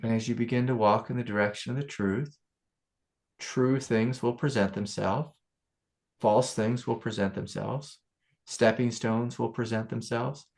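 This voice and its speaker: A man, a spiritual teacher, giving a casual satsang talk to a student, telling stories in a loose, animated way. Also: mid-range voice, unhurried.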